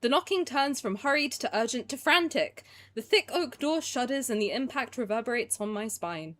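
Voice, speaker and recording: A woman's voice: fairly high pitch, animated, moderate pace, fairly bright tone. A young woman streamer chatting casually while playing, sarcastic and swearing freely. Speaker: game streamer. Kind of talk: casual gameplay commentary.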